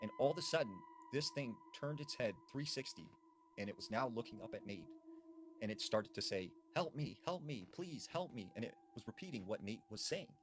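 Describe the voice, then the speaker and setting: A man's voice: on the low side, lively intonation, fairly quick, slight background noise. A man casually retelling spooky stories in a conversational way, full of fillers like "like". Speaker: storyteller. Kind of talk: casual spoken ghost story narration.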